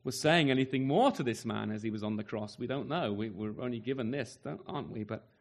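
A man preaching a sermon earnestly, asking rhetorical questions and letting his voice rise and fall widely. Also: a little fast. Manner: earnest, rhetorical questions, wide swings in pitch and loudness.

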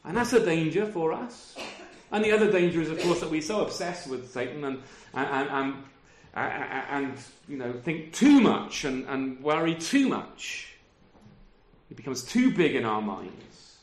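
A man's voice: on the high side, animated, a little slow, roomy sound. A middle-aged man preaching a sermon over a video call, talking conversationally and often ending with tag questions. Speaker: pastor.

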